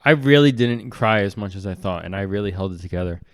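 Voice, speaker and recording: Laid-back young man, smooth voice. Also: on the low side, lively intonation, dry recording, clean studio sound. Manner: laid-back, halting, many fillers. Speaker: podcast co-host, the groom. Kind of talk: casual chat.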